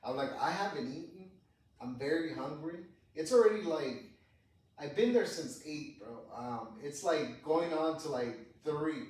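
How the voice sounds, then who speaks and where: A man's voice: fairly high pitch, unhurried. A man casually telling a personal story on a podcast, swearing a lot and acting out the dialogue. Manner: profane, animated retelling with quoted dialogue. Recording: echoey room, distant mic.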